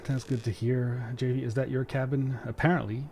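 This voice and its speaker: A man's voice: medium pitch, little pitch movement, brisk, mellow, slight background noise. Joking man streaming a game. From Quebec. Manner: joking, reads game text aloud in dramatic voice. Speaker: gaming streamer. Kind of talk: casual let's-play commentary.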